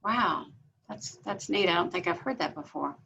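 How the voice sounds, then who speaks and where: A woman interviewing a candidate, asking friendly, halting questions with many fillers. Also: fairly low pitch, lively intonation, vocal fry, sharp tone, breathy edge. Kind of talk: casual interview. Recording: muffled recording.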